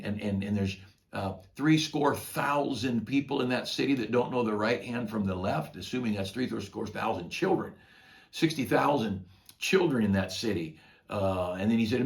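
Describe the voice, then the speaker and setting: Older guy pastor telling a bible story, easygoing folksy way, kinda low voice. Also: moderate pace. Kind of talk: devotional talk retelling a Bible story.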